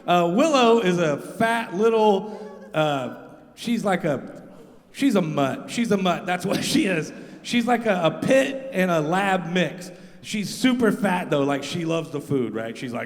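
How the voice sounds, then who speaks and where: A man's voice: sits high, animated, measured pace. A man, a radio host, doing rambling, crowd-rousing stand-up comedy on a live stage. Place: live stage in a large venue. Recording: long reverb of live venue.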